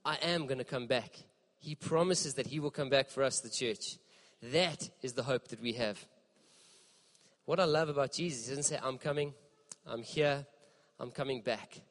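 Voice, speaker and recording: A man preaching a sermon in a church, impassioned and emphatic, with dramatic pauses. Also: mid-range voice, fairly bright tone, long reverb tail. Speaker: pastor.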